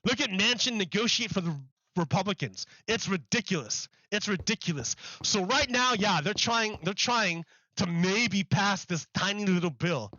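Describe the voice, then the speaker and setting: A man's voice: sits high, moderate pace, pushed and bright, dry recording, dull audio. A man on a live stream ranting about politics, emphatic and mocking, repeating himself for effect.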